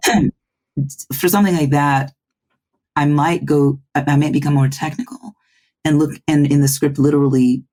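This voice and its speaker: A woman audiobook narrator chatting on a roundtable, her voice slightly husky. She talks in halting bursts, repeating words as she gathers her thoughts. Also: low voice, steady tone, dark tone. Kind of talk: casual roundtable discussion. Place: home recording booth.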